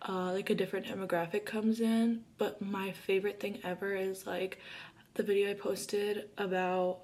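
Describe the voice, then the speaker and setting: A woman's voice: medium pitch, level tone, normal speed, a little mellow. A woman, chatting casually to camera about herself while doing her makeup. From Arizona, USA. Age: early 20s. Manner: chatty and bubbly, heavy use of "like" fillers. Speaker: YouTuber.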